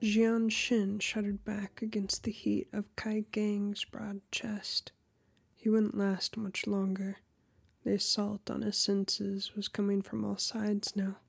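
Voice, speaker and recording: A woman reads erotic fiction in a soft, partly whispered voice. Her delivery is slow and level, with a gravelly texture. The recording is close and dry. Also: mid-range voice, monotone, dry recording. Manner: soft, often half-whispered reading. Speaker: audiobook narrator. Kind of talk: erotic audiobook narration.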